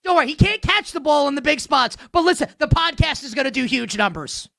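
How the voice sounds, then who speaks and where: High, animated ranting sports host man. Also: brisk, gravelly, dry recording. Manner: sarcastic, ranting; emphatic repetition. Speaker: sports betting show host. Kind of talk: heated sports commentary.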